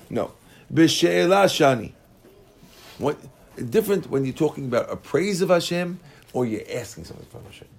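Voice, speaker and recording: A man with a slightly high voice teaches a Talmud class. He reads Aramaic and Hebrew phrases and explains each in plain terms, with lively energy. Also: vocal fry, a little hiss or hum.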